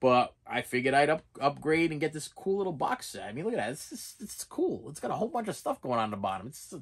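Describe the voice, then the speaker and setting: A man's voice: a little high, very animated, fast, breathy edge. A man with a Boston accent, rambling casually through an unboxing vlog and often stumbling over his words. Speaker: collector showing his purchases.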